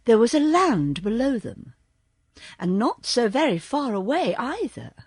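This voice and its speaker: A woman reading a children's storybook aloud as audiobook narrator, slow and expressive. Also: mid-range voice, husky, no room sound, studio quality. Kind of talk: scripted narration.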